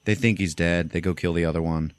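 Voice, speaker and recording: A man's voice: fast, clean tone, dry recording. A young man hosting a podcast, casually recapping a movie plot and acting out the characters' lines. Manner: animated storytelling, acts out characters in high voices. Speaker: podcast host.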